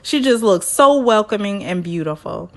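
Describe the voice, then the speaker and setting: A woman's voice: medium pitch, lively intonation, moderate pace. A woman chatting through a reality TV episode recap, acting out what the people on screen said in other voices. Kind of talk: casual recap vlog.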